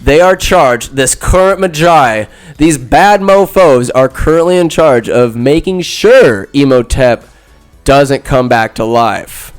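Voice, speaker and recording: Brief: male podcast host, mid pitch, casual comic recap, rambling and crude, faint music bed. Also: expressive, clean tone. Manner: rambling, casual, with crude asides and quick quoted character voices. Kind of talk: comedic movie recap.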